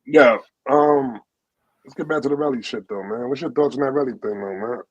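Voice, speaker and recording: A man co-hosting a live podcast, chiming in with quick, casual remarks. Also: mid-range voice, highs cut off. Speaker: podcast co-host.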